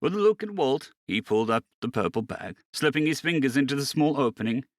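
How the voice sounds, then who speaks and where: A man narrating a science fiction story in a steady storytelling manner. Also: medium pitch, brisk, dry recording, clean studio sound. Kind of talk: scripted narration.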